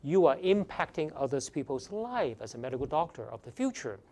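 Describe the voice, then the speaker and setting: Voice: medium pitch, sing-song, brisk, darkish tone. A pre-med admissions advisor giving a seminar lecture, emphatic, repeating key phrases and firing off rhetorical questions.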